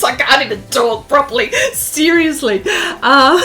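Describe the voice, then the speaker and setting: An Australian woman with a high, bright-toned voice chats in a bubbly, giggly way while hosting an art live stream. She talks at an unhurried pace, with plenty of ums and uhs. Soft music plays faintly behind her. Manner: bubbly, giggly greetings, chatty with many fillers. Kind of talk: casual live-stream chat.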